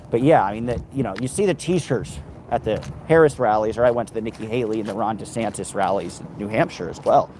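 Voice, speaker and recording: A rambling, sarcastic man chats to his live stream on a handheld phone as he walks down a city street. He swears freely and drifts between points. Steady traffic noise runs behind his voice. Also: lowish voice, rough recording. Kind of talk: casual live stream chat. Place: outdoors on a city street, walking.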